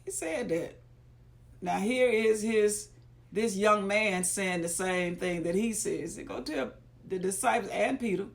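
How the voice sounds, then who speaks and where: A woman's voice: medium pitch, unhurried, vocal fry. A woman reading Bible verses aloud and stopping to explain them in folksy, conversational asides. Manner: paraphrases scripture in everyday talk. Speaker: Bible reader and teacher. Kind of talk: scripture reading with casual commentary.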